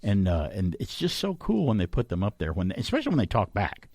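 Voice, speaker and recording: Man, radio host, casual chat, animated, laughs a lot, dry studio, faint music. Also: fairly low pitch, no echo. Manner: laughs often, animated storytelling with quick voice imitations.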